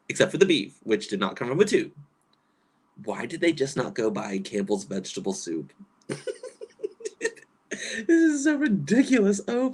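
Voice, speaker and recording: A man reading chat comments during a casual livestream, his pitch swinging widely as he reacts. He sounds exasperated and incredulous, laughing often and rambling through fillers and false starts. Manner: rambling with many fillers and restarts.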